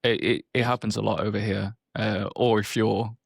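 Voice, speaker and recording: A man's voice: lowish voice, fairly even intonation, moderate pace, creaky, husky, no echo. A man co-hosting a podcast with a wry, dry humor in casual chat. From United Kingdom. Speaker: podcast co-host.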